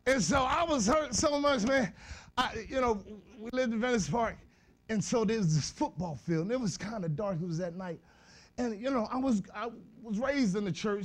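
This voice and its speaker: Male preacher, high voice, animated church sermon. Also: normal speed. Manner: animated, shouting bursts, laughing asides, slangy. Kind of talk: lively sermon to youth.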